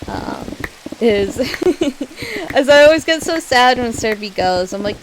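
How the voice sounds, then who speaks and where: A woman streams a block-building game and chats casually, rambling with many fillers and frequent giggles. Her voice is on the high side with huge pitch swings and a slow pace, and background noise can be heard.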